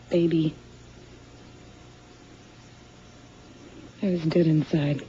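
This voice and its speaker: A woman's voice: on the low side, mellow. An actress playing a woman who confronts the man who assaulted her, with intense, accusing demands, in a soap opera scene. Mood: bitter. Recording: dull muffled TV clip with faint noise.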